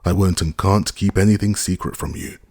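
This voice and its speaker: Flustered young wife, hurried and pleading, voiced by a deep, gravelly male reader. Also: fairly even intonation, darkish tone, dry recording, studio quality. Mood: agitated. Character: agitated young married woman, flushing, hasty.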